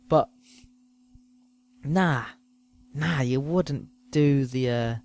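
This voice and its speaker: A man's voice: fairly high pitch, darkish tone. A man hosting a podcast, rambling through a crude, self-mocking comic monologue. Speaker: podcast host.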